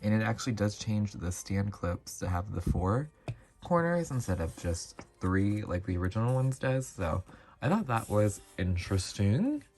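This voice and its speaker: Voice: deep voice, big pitch swings, normal speed, darkish tone. A channel host giving a casual, chatty doll review, rambling with frequent asides.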